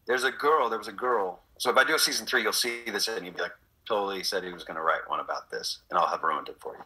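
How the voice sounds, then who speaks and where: A middle-aged actor from Texas is the guest in a casual interview, telling stories with animation and acting out voices and quotes. His voice is low, fast, and husky, and the recording quality is low.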